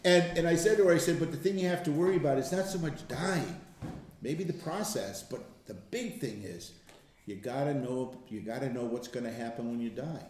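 A man's voice: medium pitch, a little fast, darkish tone, slight background noise. An older man leading an informal Bible study, telling stories in a conversational way and laughing often. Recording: very echoey room.

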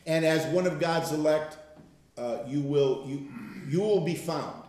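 A man's voice: fairly high pitch, measured pace, a crowd in the background. An older man leading an informal Bible study, telling stories in a conversational way and laughing often. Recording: very echoey room.

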